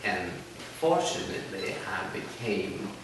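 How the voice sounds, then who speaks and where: A man's voice: low voice, sing-song, measured pace. Older man reminiscing, echoey room. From South Carolina, US. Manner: rambling, folksy, self-deprecating. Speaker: oral history interviewee. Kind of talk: reminiscing storytelling. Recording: echoey room, distant mic, noisy background.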